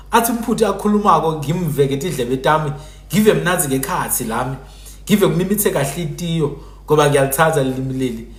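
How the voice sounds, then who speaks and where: A man hosts a TikTok live stream and talks about languages in an animated way, imitating how dialects sound. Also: a little high. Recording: echoey room.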